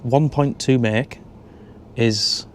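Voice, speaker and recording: Speaking extremely slowly in a steady, medium-pitched voice, this man vlogs casually as a traveller, reviewing pubs with deadpan jokes. Slight background noise accompanies his handheld footage from pubs and streets, both indoors and outdoors.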